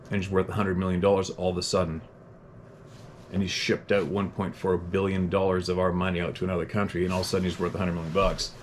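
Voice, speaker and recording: A man's voice: deep voice, slight background noise. Blunt, profane man ranting. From Canada. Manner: self-deprecating chuckles. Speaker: podcast host reading listener letters. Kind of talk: unscripted podcast monologue.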